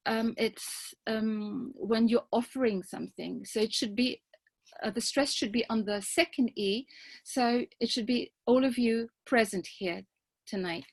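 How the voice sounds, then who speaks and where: A woman giving a grammarian's report at a club meeting, speaking carefully and deliberately as she spells out tricky words. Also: a little high, dry recording, low-quality recording.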